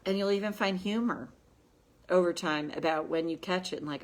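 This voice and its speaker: Low-voiced woman self-help coach. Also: moderate pace. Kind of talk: self-help talk to viewers.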